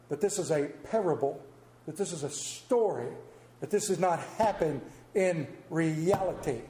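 A man's voice: high-pitched, dark tone. A man preaching a sermon as pastor, telling folksy stories and joking about himself. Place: church. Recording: echoey church room.

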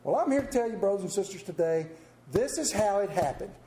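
High-voiced folksy preacher in an echoey church. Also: male voice, expressive, a little fast, dark tone, a little hiss or hum. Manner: folksy, storytelling preacher who jokes about himself. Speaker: pastor. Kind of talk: sermon.

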